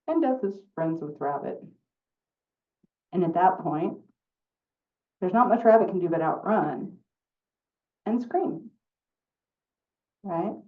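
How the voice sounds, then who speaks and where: A woman storyteller telling a folk tale at a live story slam, slow and deliberate with refrains. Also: fairly low pitch. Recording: distant phone-like sound.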